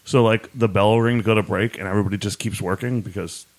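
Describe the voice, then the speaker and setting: A man's voice: lowish voice, fairly even intonation, fast. A man co-hosting a podcast, chatting casually in a joking, rambling way with lots of filler words. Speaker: podcast co-host. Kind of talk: casual banter.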